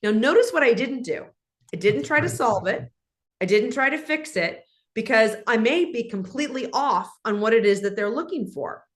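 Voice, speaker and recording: A woman guest in an interview, speaking in an animated, instructive way and acting out example conversations. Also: on the high side, normal speed.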